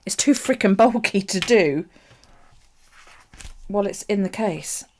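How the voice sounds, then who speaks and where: A woman's voice: mid-range voice, lively intonation, measured pace, slight background noise. A woman chatting casually while crafting on a live stream, rambling, swearing freely and laughing at herself. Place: home craft space.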